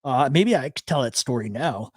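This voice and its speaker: A man's voice: mid-range voice, normal speed, slightly rough, no echo, clean studio sound. A man hosting a live radio chat show, telling stories and reading chat messages aloud, heavy on profanity. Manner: profane, storytelling, animated.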